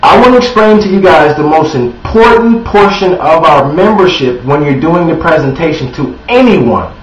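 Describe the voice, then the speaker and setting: A man giving a sales training talk, acting out a phone pitch, who often clears his throat and restarts with ums. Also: animated, moderate pace. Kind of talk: sales training demo with mock phone call. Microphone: Bluetooth headset. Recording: roomy, distant, dull lo-fi camera audio with faint hiss.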